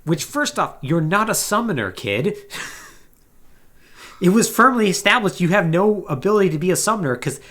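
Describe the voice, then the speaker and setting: A man hosting a casual video game podcast, retelling a story with animated, acted-out quotes. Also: high-pitched, normal speed. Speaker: podcast host.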